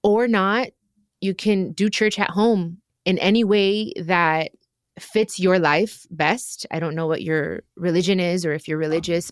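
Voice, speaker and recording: A woman's voice: lowish voice, no room sound, studio quality. A woman hosting an advice podcast, talking earnestly and with emotion to listeners. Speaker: podcast host giving advice. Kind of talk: heartfelt advice chat.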